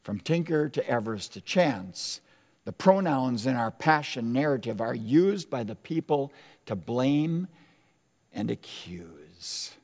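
Slow, deliberate preacher in a reverberant hall. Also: male voice, mid-range voice, big pitch swings, darkish tone. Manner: deliberate, emphatic preaching with dramatic pauses. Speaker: pastor. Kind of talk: sermon.

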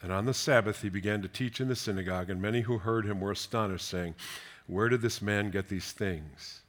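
A man preaching a sermon, reading scripture aloud and commenting on it, moving between gentle tenderness, soft whispered passages and lively, emphatic questions. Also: fairly low pitch, fairly quick.

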